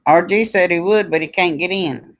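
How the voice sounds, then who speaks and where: A man's voice: high-pitched, normal speed, a bit bright, dull audio. A man from rural Florida with a Southern accent shaped by Kentucky, co-hosting a casual livestream chat and answering viewer comments in a folksy way. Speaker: co-host of a livestream.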